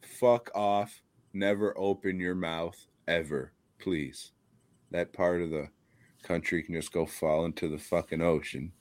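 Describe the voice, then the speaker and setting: A man with a lowish voice talks slowly and crudely on a horror podcast, mocking things and laughing often. The sound is close and dry. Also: steady tone, darkish tone, no echo. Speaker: podcast co-host. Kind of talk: casual comedic chat.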